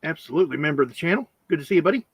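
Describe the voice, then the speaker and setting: A man hosts a relaxed live stream about coins, drifting from story to story and calling out viewers from the chat. His voice sits a bit high. The sound is close and dry, with little room around it. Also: racing, husky, dry recording. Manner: rambling, greets chat viewers by name. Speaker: host of a coin live stream.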